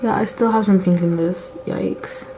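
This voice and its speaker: A woman's voice: mid-range voice, fairly even intonation, brisk, noisy background. A girl in her late teens chatting casually while doing her makeup, rambling and confessional, with lots of "like" fillers. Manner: candid and emotional about her feelings. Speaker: beauty vlogger.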